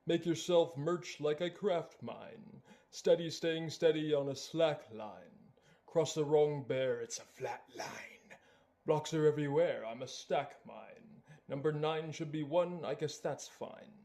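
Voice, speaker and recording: A laid-back, bragging bear who builds with blocks, rapped by a man. The flow is low and unhurried, with words drawn out. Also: dark tone. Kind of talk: rap song.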